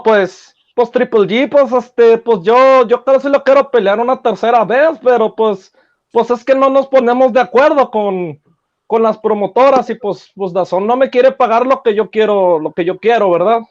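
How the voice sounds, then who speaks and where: A man doing an impression of a young Mexican boxing star, halting and full of fillers. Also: very high voice. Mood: hesitant. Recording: dull lo-fi sound.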